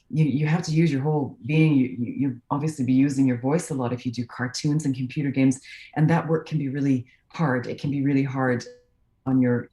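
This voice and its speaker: A woman's voice: rumbling low, warm tone, echoey room. A woman voice actress chatting in an interview from England, thoughtful and encouraging, with frequent "um" and "you know". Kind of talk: casual video-call interview. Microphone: video call.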